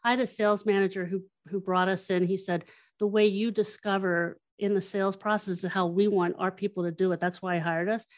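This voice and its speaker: A woman guest, a workshop trainer, explaining her methods and telling stories, acting out quoted lines in an animated way. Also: medium pitch, fairly quick, hardly any pauses. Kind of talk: explanatory interview talk.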